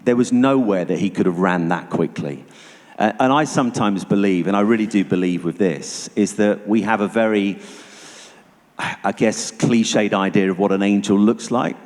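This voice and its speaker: A man giving a personal testimony to an audience as a guest speaker, telling it vividly and going hushed at tense moments. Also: fairly low pitch, normal speed. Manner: vivid storytelling, dropping to hushed tones for tension. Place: church hall. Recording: long reverb of a church hall.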